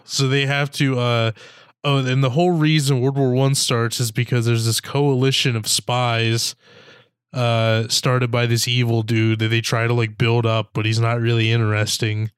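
A man's voice: mid-range voice, little pitch movement, moderate pace, smooth, dry recording, clean studio sound. A man in casual chat reviewing a movie, rambling with lots of "like" and mock-quoting characters. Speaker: podcast co-host.

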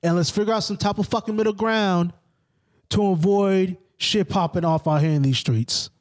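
A man with a fairly high voice holds forth on a podcast. He rants with animated, preachy energy and swears freely between jokes. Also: moderate pace. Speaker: podcast co-host. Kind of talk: casual profane podcast chat.

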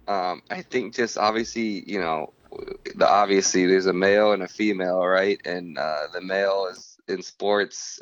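A man's voice: fairly low pitch, a bit bright, no room sound, highs cut off. A man co-hosting a podcast in casual sports chat, teasing and joking, rambling with lots of um and like. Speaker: podcast co-host.

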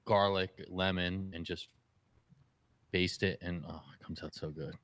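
A man's voice: deep voice, steady tone, a little slow, a bit bright, no echo. A man co-hosting a casual podcast chat in a playful, teasing way.

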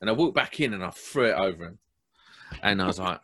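A young man, hosting a casual podcast and telling a wound-up story in a blunt, animated way. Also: sits low, a little fast. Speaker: podcast host.

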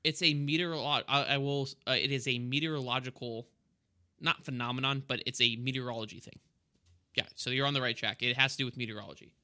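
A man with a bright, edgy tone talks through aviation terms on a casual podcast. He explains patiently and laughs easily. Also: medium pitch, fairly even intonation, quick pace. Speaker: co-host, airline pilot.

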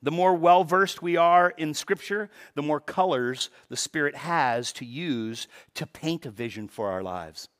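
A man preaching a sermon as pastor, animated, with rhetorical questions and repeated words as he starts his sentences. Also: on the high side, unhurried, hardly any pauses.

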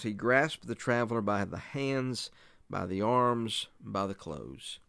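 A man's voice: lowish voice, expressive, slow pace, creaky, bright, forceful tone, dry recording. A man teaching other preachers in an earnest, emphatic way. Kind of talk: preaching instruction.

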